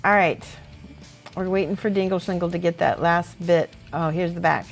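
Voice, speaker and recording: A chatty, encouraging woman with a slightly low voice talks through viewers' painted miniatures in a casual stream. Faint music plays softly under her. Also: fairly even intonation, normal speed, vocal fry. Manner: chatty, encouraging, laughs often. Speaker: miniature painting host and teacher. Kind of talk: casual livestream critique.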